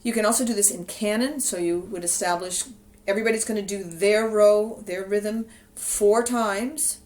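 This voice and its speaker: A music teacher talking to her own camera in a relaxed, explanatory way, walking teachers through classroom rhythm activities. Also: mid-range voice, normal speed. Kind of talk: instructional video talk. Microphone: camera she films herself with.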